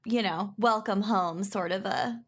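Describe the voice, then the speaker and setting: A woman's voice: mid-range voice, unhurried, a bit bright. A woman from Minnesota with a Minnesotan accent, a podcast guest chatting in a laughing, easygoing way. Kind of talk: casual chat.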